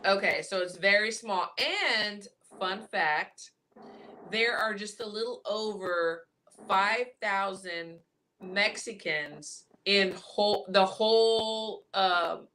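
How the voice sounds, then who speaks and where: A woman's voice: medium pitch, slow pace, pushed and bright, slight background noise. A woman hosting a boxing podcast, chatty and giggly in casual panel talk over a video call. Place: hotel room in England, on a video call.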